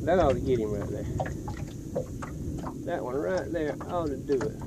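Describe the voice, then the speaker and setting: A man's voice: mid-range voice, lively intonation, normal speed, very noisy. A middle-aged man telling a folksy childhood story while fishing outdoors, acting out voices and sound effects. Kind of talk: casual storytelling.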